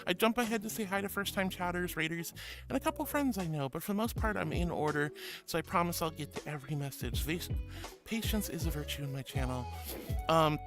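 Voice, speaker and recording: A woman's voice: fairly low pitch, a little fast. A woman streamer in casual live chat, sweetly gushing as she reads out chat messages and greets viewers. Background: music.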